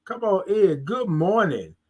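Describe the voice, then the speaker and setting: A man hosting a casual morning livestream, greeting viewers by name with drawn-out sing-song hellos and lots of "y'all" on a close mic. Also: sits high, big pitch swings, slightly rough. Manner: Southern US vernacular, "y'all". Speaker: livestream morning show host. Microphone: close mic, moved nearer.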